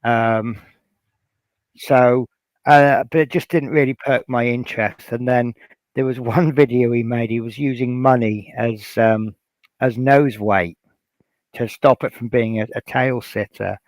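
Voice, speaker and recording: A man's voice: mid-range voice, steady tone, measured pace, dry recording. A man from Norfolk hosting a casual hobby livestream, rambling and reading out chat messages with lots of fillers. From Norfolk, England. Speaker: livestream host.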